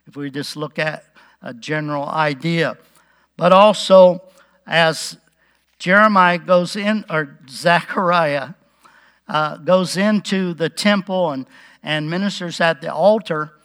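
A man preaching a relaxed Bible-teaching sermon, chuckling now and then and acting out the quotes. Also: on the high side.

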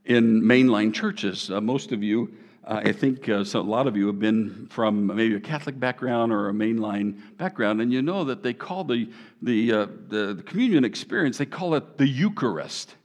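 A middle-aged man, preaching a sermon in an animated, conversational way. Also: lowish voice, normal speed, big-room sound. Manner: animated, conversational preaching with sound effects and jokes. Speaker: pastor.

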